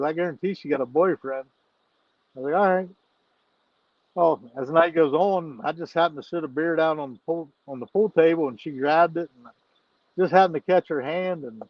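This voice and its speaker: Guy guest on a podcast, kinda high voice, cussing and laughing thru a story, dull lo-fi sound. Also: no room sound. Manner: laughs often while telling stories, swears freely. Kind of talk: casual storytelling.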